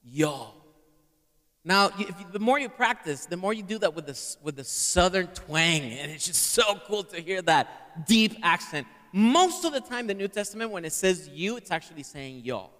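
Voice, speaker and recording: A man's voice: high voice, expressive, moderate pace, pushed and bright. A man preaching a sermon to a live congregation and having them repeat words back. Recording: long hall reverb.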